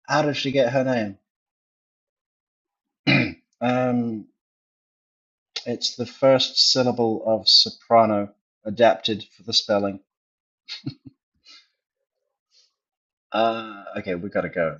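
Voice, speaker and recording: A man hosting a livestream, casually chatting with viewers and saying goodnight in a relaxed way. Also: medium pitch, husky. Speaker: livestream host. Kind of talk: casual stream sign-off. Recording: dull lo-fi audio.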